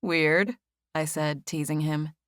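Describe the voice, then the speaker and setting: A woman narrating a contemporary first-person novel as an audiobook, with a gentle storytelling manner. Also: fairly low pitch, normal speed, no echo, studio quality.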